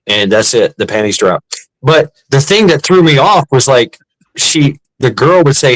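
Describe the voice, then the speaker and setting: A man's voice: mid-range voice, expressive, normal speed, a bit bright, low-quality recording. Crude rambling American storyteller man. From United States. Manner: profane, rambling, laughs at own stories.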